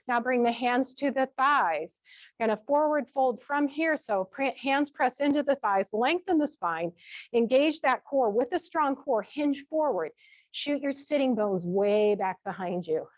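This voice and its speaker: A woman teaching a gentle yoga class, cueing each step with relaxed, chatty asides. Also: a little high, dry recording. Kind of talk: guided yoga class instruction. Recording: dull, dry lo-fi sound.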